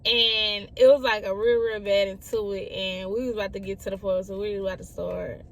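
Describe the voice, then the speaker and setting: A woman's voice: mid-range voice, steady tone, brisk. A young woman telling a personal story in a casual, chatty way, often repeating herself and talking straight to her listeners. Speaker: storyteller vlogger.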